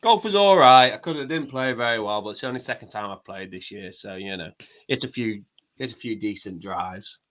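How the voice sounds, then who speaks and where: A man's voice: lowish voice, expressive, fairly quick, a bit bright. A man, bantering casually on a podcast in a laid-back, self-mocking way. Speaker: podcast co-host. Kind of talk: casual chat.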